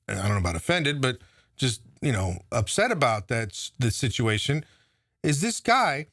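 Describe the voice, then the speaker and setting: A man's voice: on the high side, fairly bright tone, no room sound, clean studio sound. A man ranting casually about politics, profane and sarcastic. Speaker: political commentator.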